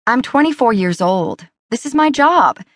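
A woman narrator voicing a wary young woman reporter of twenty-four who answers quick, defensive and wry. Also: fairly high pitch, expressive, no room sound, studio quality, voice pushed up.

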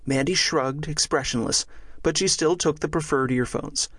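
A man reading a thriller audiobook aloud in a measured, steady storytelling manner. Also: a little high, breathy edge, no echo, clean studio sound. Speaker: audiobook narrator. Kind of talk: scripted audiobook narration.

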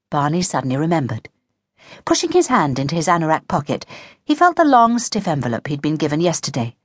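A woman narrating a children's audiobook in an expressive storytelling manner, on a close studio mic. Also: sits low, fairly quick, no room sound.

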